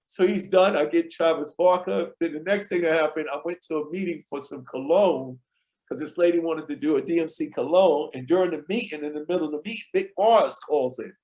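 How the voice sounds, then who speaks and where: A man, a guest on a podcast, telling lively anecdotes and acting out the people in them. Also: on the high side, fairly quick. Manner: tells anecdotes, acts out quoted people in lively voices. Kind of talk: animated storytelling in conversation.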